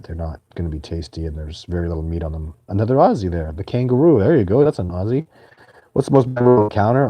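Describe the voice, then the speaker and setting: A man's voice: sits low, dark tone, no echo. A man hosting a live stream, answering viewer questions in a casual, earnest and rambling way. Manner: earnest, rambling, many restarts.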